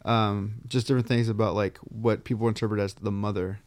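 A man's voice: fairly low pitch, level tone, a little fast, dry recording. A man co-hosting a podcast in casual chat, laid-back and hesitant, with many fillers. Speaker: podcast co-host.

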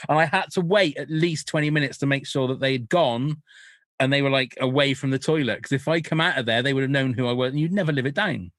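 A man's voice: medium pitch, fast talker, a bit bright, no room sound. Dry-sounding jokey man. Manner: jokey, laughs often, stumbles and restarts. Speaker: podcast host. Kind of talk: casual chat.

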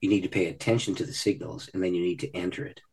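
A man who is a guest on a podcast, telling a personal story in an animated way and laughing often. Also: sits low, quick pace, vocal fry, breathy edge. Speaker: podcast guest, ministry leader. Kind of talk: storytelling in a conversation. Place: podcast recording.

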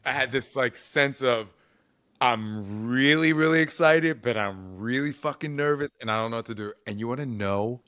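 A man in his forties telling stories in a casual interview, animated and expressive, peppering his speech with "like" and the odd swear word. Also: mid-range voice, normal speed, smooth. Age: 40s.

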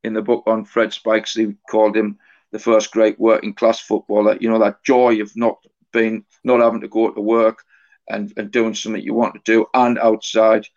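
Middle-aged man telling halting anecdotes. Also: lowish voice, monotone, a little mellow. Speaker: author and interview guest. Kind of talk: casual podcast interview. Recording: dull lo-fi podcast audio.

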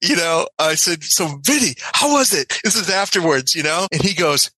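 A man from the United States, a guest telling a story in an animated way, acting out voices and laughing as he goes. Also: fairly high pitch, moderate pace, no room sound, low-quality recording. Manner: excitable, acts out voices, laughs mid-story.

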